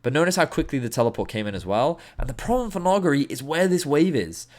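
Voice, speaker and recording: Animated man breaking down game footage. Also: a little high, fast talker. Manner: animated, emphatic, playful asides. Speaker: esports analyst. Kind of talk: game review commentary.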